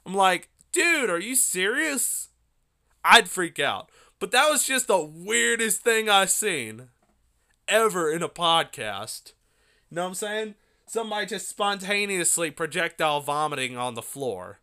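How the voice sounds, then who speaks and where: Excitable bright-voiced male podcaster. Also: high-pitched, a little slow, clear, resonant tone. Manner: excitable, animated, laughs often. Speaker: solo podcast host. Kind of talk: casual storytelling monologue. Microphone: phone.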